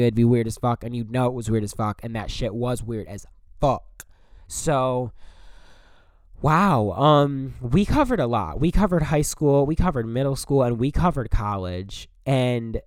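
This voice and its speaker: A young man hosts his own podcast and tells a story in casual, animated bursts. He sounds exasperated and swears freely. The sound is dry, with no room echo. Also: mid-range voice. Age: young adult. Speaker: podcast host.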